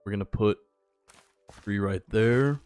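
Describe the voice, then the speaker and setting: A tired young man giving relaxed, rambling live-stream commentary while he plays, chatting with his viewers. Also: on the low side, takes it slowly, faint music behind. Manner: laid-back, rambling, chats with viewers. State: a little tired. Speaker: gaming streamer.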